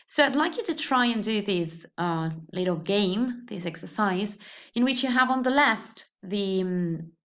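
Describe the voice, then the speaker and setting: A woman giving a video lesson in an explanatory teaching manner, her voice sitting at an ordinary middle pitch. She works through ideas step by step with small restarts. She reads lines of verse slowly to mark out their rhythm. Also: lively intonation, a bit bright. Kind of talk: educational video lecture.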